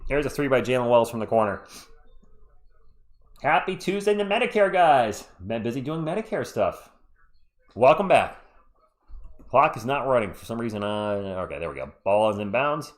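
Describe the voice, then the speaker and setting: A man with an expressive, medium-pitched voice hosts a fan live stream of basketball, speaking at normal speed with long pauses. He calls the plays and chats with viewers, reading the chat between calls, and sounds a little congested.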